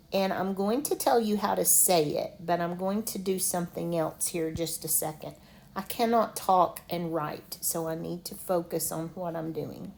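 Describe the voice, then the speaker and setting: Slow, patient woman teacher, low voice. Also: darkish tone. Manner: slow, deliberate, sounds out syllables. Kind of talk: online lesson on medical word pronunciation.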